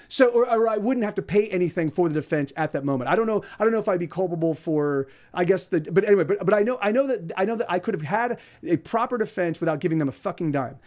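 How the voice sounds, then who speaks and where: A man's voice: sits high, a little mellow. A man telling an angry, profane story in a rambling way, with many restarts. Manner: quotes others in put-on voices. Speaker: podcast host.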